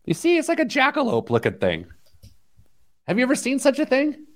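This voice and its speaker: A man hosting a talk show, telling a story with lively energy and playful asides. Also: very high-pitched, fairly quick. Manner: animated storytelling, mimics voices with laughter. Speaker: podcast host. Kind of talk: casual chat.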